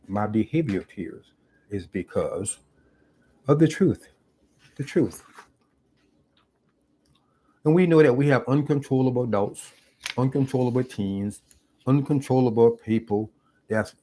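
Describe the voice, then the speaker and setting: A man's voice: mid-range voice, a little mellow. A middle-aged man, a former police officer, talking earnestly in a reflective monologue and repeating phrases for emphasis. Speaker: YouTube commentator. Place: parked car.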